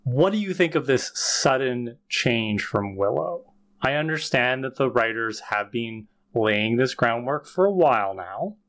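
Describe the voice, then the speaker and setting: A man's voice: mid-range voice, expressive, a little slow, fairly bright tone. A man co-hosting a podcast, recapping scenes in casual chat, thoughtful and hedging, with the odd sigh. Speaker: podcast co-host.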